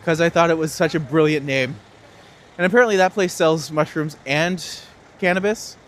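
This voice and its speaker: A man's voice: fairly high pitch, moderate pace. A young man streaming a walking tour outdoors in the cold, chatting casually and answering viewers' questions with jokes. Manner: casual, joking, reads out and answers chat questions. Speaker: tour guide. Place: outdoors on cold city streets.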